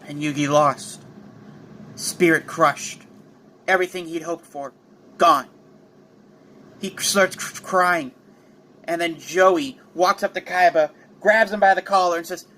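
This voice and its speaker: A man's voice: sits high, moderate pace, sharp tone. A young man casually narrating a fan story as a channel host, dramatic and playful.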